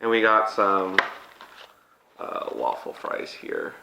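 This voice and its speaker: A man's voice: fairly low pitch, very animated, slow, gravelly, roomy sound, heavy background noise. A man hosting a casual mukbang vlog, chatty and upbeat, talking over takeout at a table indoors. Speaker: vlog host.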